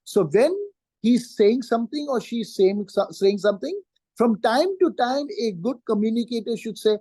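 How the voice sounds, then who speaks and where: A woman giving a live lesson on communication skills, repeating key points slowly and acting out short sample dialogues. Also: on the high side, mellow, no echo. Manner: acts out sample dialogues while explaining. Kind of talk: live online teaching session.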